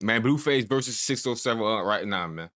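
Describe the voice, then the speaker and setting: A man's voice: lowish voice, animated, fairly quick, fairly bright tone. Hyped man reacting to a clip. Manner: laughing, hyped banter. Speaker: video reactor. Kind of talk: casual reaction commentary.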